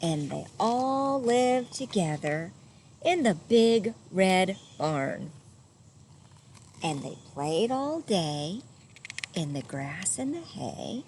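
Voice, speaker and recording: A woman reads a children's story aloud at an unhurried pace, her voice rising and falling widely. She makes the animal sounds herself and stops to ask her young listeners questions. A faint noise sits behind her. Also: medium pitch. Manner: gentle and lively, doing animal sounds and asking listeners questions. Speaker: storyteller reading a picture book to children.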